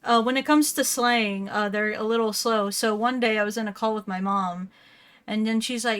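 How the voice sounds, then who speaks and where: A woman's voice: fairly high pitch, moderate pace, clean tone. A woman co-hosting a casual stream, telling anecdotes animatedly with frequent laughter. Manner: laughs often, animated when retelling. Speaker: co-host. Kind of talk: casual storytelling chat.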